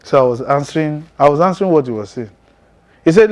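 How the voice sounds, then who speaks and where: A man's voice: fairly high pitch, lively intonation, quick pace. A man giving a testimony sermon, telling his story intensely and emphatically, with frequent chuckles.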